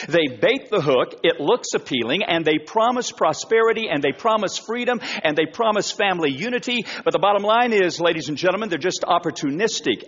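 Emphatic high-voiced male preacher. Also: fairly bright tone, slightly rough. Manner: emphatic, repeats phrases and rhetorical questions. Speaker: pastor. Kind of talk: sermon. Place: church. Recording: dull church recording with long reverb.

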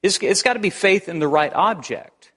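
A man's voice: high-pitched, animated, moderate pace, a bit bright, slightly rough. A male pastor preaching a sermon in a conversational way, restarting phrases and firing rhetorical questions. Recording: long hall reverb.

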